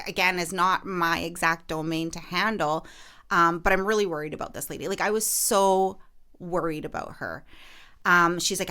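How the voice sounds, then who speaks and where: A woman's voice: on the low side, a bit bright. Chatty woman realtor telling a story. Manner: chatty, lots of fillers and restarts. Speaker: podcast host and realtor. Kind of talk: casual storytelling chat.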